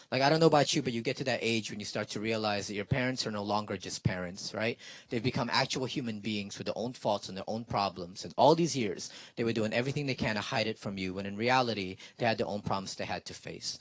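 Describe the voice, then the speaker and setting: A young man telling a comic story to an audience, animated and chatty, often checking in with "right?". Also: fairly low pitch, fast, dry recording. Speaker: spoken word performer.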